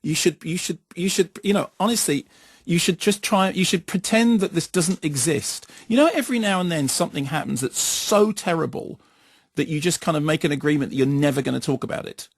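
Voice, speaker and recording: A man's voice: fairly high pitch, fairly quick, husky, no room sound. A man co-hosting a radio film show, talking emphatically with stammering restarts into a studio microphone. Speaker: film critic co-host. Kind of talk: radio chat.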